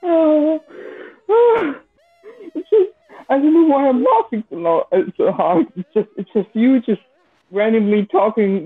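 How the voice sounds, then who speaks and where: A man's voice: sits high, big pitch swings, moderate pace, dry recording, soft background music. A young man in casual chat who laughs constantly, stammers and repeats himself, swearing often. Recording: dry, tinny phone-like line.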